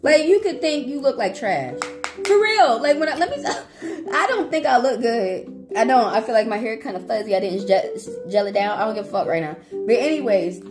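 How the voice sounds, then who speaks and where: A young woman with a fairly high, lively voice that swings up and down as she reads tarot cards live. She talks in a loose, rambling way, full of cursing and asides. Guitar music plays clearly behind her. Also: normal speed. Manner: profane, animated, rambling. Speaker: tarot reader. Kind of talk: casual livestream tarot reading.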